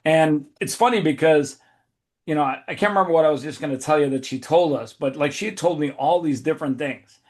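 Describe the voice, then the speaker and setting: A man's voice: fairly high pitch, a little fast, darkish tone. A man hosting a casual podcast, telling long rambling stories with frequent restarts and laughs. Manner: rambling, self-interrupting, laughs mid-story. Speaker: podcast host. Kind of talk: casual conversational storytelling.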